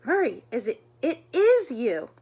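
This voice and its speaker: A woman reading a storybook aloud, voicing a small, excitable male bat in a high, loud, gushing way. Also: a little slow, husky, heavily acted. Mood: excited.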